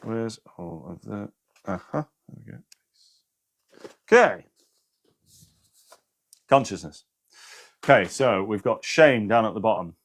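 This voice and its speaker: A man's voice: fairly low pitch, lively intonation, slow, long pauses. A man hosting a casual spiritual livestream, talking earnestly, swearing freely and reading passages aloud with emphasis. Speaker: spiritual live-stream host.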